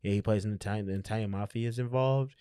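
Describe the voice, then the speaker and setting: A man's voice: on the low side, fairly even intonation, rapid-fire, warm tone, clear, resonant tone, dry recording, studio quality. A man who is a comedian, chatting casually on a podcast, joking, loose and swearing freely. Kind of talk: casual chat.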